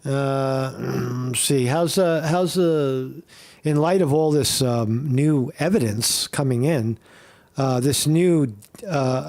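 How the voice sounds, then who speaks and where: A man's voice: mid-range voice, a little mellow. Heated, profane ranting man. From Northeast Pennsylvania. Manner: heated, profane, repetitive with many fillers. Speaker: streamer host. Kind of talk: casual ranting livestream.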